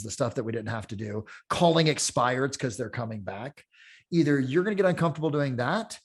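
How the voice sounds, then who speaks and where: This middle-aged male real estate coach has a mid-pitched, slightly rough voice. In casual chat he's an energetic storyteller who swears and acts out quotes.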